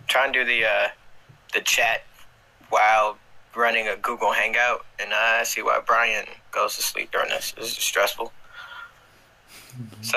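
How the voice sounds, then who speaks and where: Bright-voiced, crude joking man. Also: mid-range voice, low-quality recording. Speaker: livestream host. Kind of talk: casual chat.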